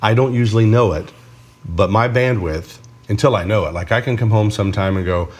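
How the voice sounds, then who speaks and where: A man's voice: lowish voice, fairly quick. A middle-aged man, a counselor, explaining emotions and boundaries in a casual faith talk, acting out little bits of dialogue as he goes. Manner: animated, acts out little dialogues. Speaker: counselor co-host. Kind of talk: conversational teaching on faith and emotions.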